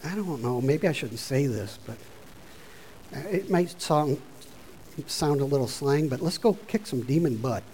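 A man preaching a sermon, informal and conversational, rising from quiet asides to loud exhortation. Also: mid-range voice, lively intonation, a little slow, slight background noise, poor audio.

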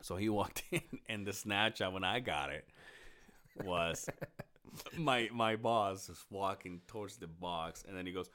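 A young man in casual podcast chat, telling a crude story with lots of swearing, laughing as he talks and shouting out the lines he quotes. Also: low voice, unhurried. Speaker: podcast co-host.

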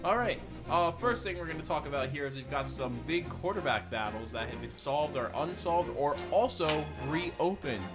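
A man's voice: a little high, lively intonation, normal speed, few pauses, over music. A man co-hosting a sports podcast in casual chat, reading tweets aloud and laughing along. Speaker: podcast co-host.

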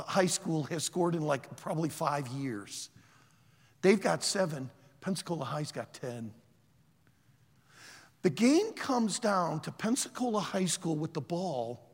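A man preaching to college students, telling a story in a loud, animated way. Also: a little high, breathy edge, in a large hall. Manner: animated storyteller, shouts quoted lines. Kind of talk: sermon with a story.

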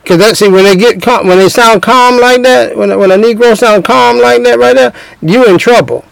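A man's voice: extremely high pitch, moderate pace, gravelly, clean tone, dry recording, low-quality recording. A middle-aged man giving emphatic, preachy relationship advice, repeating his points and acting out little scenes. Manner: emphatic, repetitive, acts out scenes.

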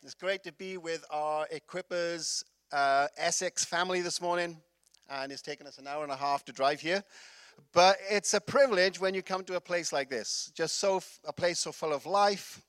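A middle-aged Welsh man preaches a sermon in a relaxed, chatty way, full of fillers and quick asides. His voice sits high for a man. The sound is dry and close, with no room around it. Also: clear, resonant tone, no room sound. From Wales. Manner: chatty, laughing storyteller with many fillers. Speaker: pastor.

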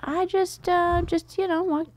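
A man's voice: extremely high pitch, little pitch movement, unhurried, no echo, voice pushed up. A woman voicing her sheepish, oblivious dad, giving hesitant, stammering excuses in a lifted voice.

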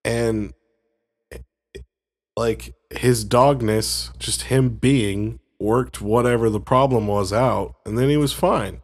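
A laid-back man with a gravelly, fry-edged voice rambles through a story in casual conversation. His tone is easygoing and joking as he talks with a co-host. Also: mid-range voice, slow pace, soft background music. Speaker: podcast co-host. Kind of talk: casual chat.

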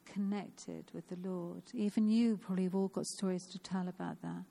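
A woman's voice: on the low side, fairly even intonation, normal speed, vocal fry, warm tone. A woman of fifty giving an informal, personal sermon in a church, earnest and repeating phrases for emphasis. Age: 50s. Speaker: church speaker.

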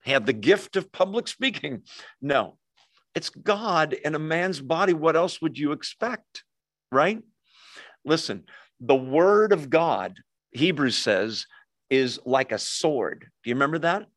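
A pastor with a slightly high voice preaches to his congregation, telling a story in a chatty, animated style with quick asides to the listeners. The recording is dry and studio quality.

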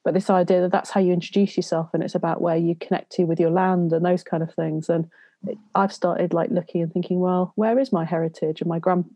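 A woman hosting a podcast, talking in a reflective, halting way with many ums. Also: lowish voice, flat delivery, mellow, no room sound. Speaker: podcast host. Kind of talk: casual conversation.

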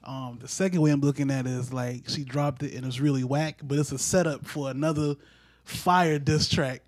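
A man's voice: medium pitch, steady tone, moderate pace, no room sound, clean studio sound. A young man hosting a podcast in casual, slangy, rambling chat. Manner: laid-back, slangy, rambling. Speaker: podcast host.

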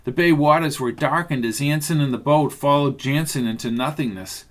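A man reading a novel aloud as narrator, in a steady, measured way. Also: a little high. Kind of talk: audiobook narration.

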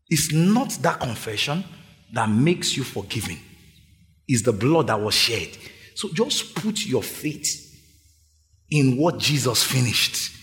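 A man's voice: mid-range voice, sing-song, slow. Man preaching in a reverberant hall. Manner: call-and-response preaching, urging the congregation to shout. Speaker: pastor. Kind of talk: sermon.

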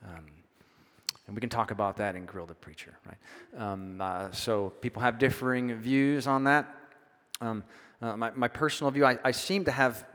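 A man's voice: mid-range voice, moderate pace, a bit bright. A man preaching a sermon in a church, conversational and often checking in with his listeners. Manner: conversational, keeps asking "right?". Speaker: pastor. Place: church sanctuary. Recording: long hall reverb.

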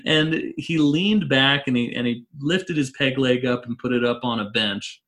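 A man who teaches, a guest in an interview, telling a story in a lively way, laughing often and acting out quotes. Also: medium pitch, normal speed.

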